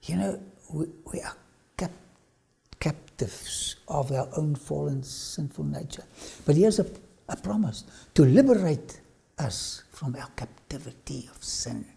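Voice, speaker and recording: A man's voice: a little high, creaky, dark tone. A man preaching a dramatic sermon-style lecture, often dropping suddenly to a whisper. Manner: slow dramatic delivery with sudden drops to a whisper.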